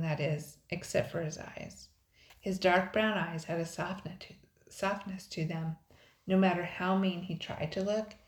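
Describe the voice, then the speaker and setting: An older woman with a notably low voice reads a children's storybook aloud, measured and expressive. Her voice carries a roomy echo around it. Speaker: storybook reader. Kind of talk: children's audiobook narration.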